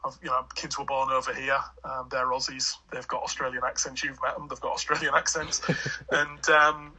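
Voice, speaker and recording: A man's voice: medium pitch, flat delivery, normal speed, bright, forceful tone, a little hiss or hum, low-quality recording. A man in his forties from Hull with an English Hull accent, a podcast guest chatting casually and rambling with lots of fillers and restarts. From England (Hull). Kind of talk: casual chat.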